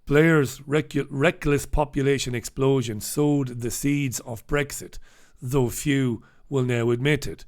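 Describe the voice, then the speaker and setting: A man's voice: medium pitch, fairly even intonation, a little slow, darkish tone. Sardonic man reviewing the papers. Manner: sardonic, swears freely; reads out viewer comments and headlines. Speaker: host reviewing newspapers. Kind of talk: casual live commentary.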